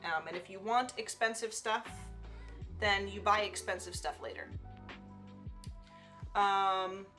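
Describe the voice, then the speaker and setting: A woman's voice: mid-range voice, takes it slowly, long pauses, bright, forceful tone, faint music behind. A woman hosting a casual live digital-painting demo, chatty and self-teasing, with frequent fillers and asides. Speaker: digital artist and livestream host.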